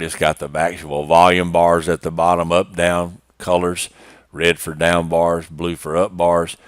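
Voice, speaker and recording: A man's voice: low voice, smooth, dry recording, clean studio sound. A man teaching day-trading chart setups in a plainspoken, matter-of-fact screen-share walkthrough, often restarting phrases. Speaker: trading instructor.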